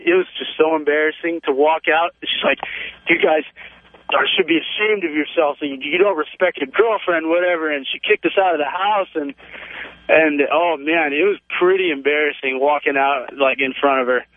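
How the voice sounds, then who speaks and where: A young man calling in to a talk show, telling a story in a rambling, excited way, full of "man" and "like". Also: fairly high pitch, moderate pace, no echo. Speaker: caller. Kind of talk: phone-in storytelling. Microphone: telephone. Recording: tinny phone line, dry.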